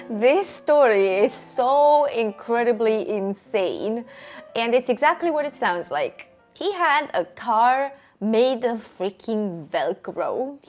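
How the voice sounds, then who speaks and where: A woman's voice: a little high, a little mellow. A woman hosting a commentary video, opinionated and openly skeptical, laughing at how worked up she gets. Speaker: host. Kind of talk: casual commentary.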